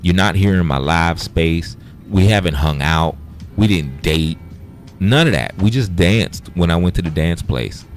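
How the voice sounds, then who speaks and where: Male streamer, very deep voice, blunt and profane, faint music underneath. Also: lively intonation, unhurried. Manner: blunt, profane, retelling arguments in dialogue. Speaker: livestream host. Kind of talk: casual livestream storytelling.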